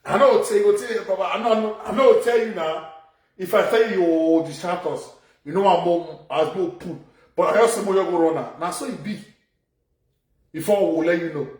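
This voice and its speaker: A man with a Nigerian Pidgin accent, ranting loudly in a casual live video, repeating phrases and laughing between points. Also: high voice, normal speed, distant mic. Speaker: social media commentator. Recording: echoey room, voice away from mic.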